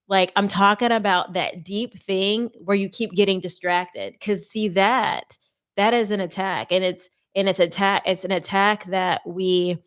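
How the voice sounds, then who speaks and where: A woman host talking earnestly and conversationally about faith and marriage preparation, with playful asides. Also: fairly low pitch. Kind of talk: faith-based marriage advice talk.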